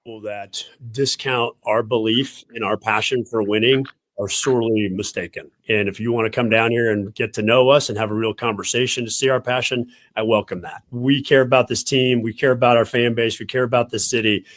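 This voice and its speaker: A man's voice: medium pitch, steady tone, a little fast, few pauses, fairly bright tone. A man speaking as a team executive, giving an earnest, emphatic press statement.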